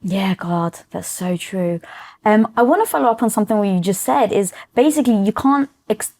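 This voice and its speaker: Woman host, mid-range voice, chatty and animated, casual filler-heavy talk. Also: mid-range voice, normal speed. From Greek family background. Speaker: podcast host. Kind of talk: conversational interview.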